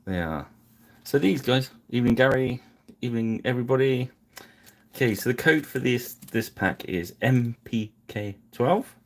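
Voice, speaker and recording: A man's voice: medium pitch, animated, moderate pace. A man hosting a live painting stream, chatting casually and apologizing with self-deprecating asides.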